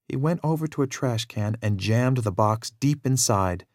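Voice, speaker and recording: A man narrating a children's storybook in a steady, measured read-aloud manner. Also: fairly low pitch, no room sound, studio quality.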